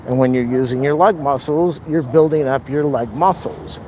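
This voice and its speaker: A man's voice: mid-range voice, moderate pace, a little mellow, slight background noise, poor audio. Rambling man on a walking vlog. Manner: rambling, wry and blunt. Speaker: vlogger. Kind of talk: casual walking vlog monologue. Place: outdoors on city streets and lawns. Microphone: camera held while walking.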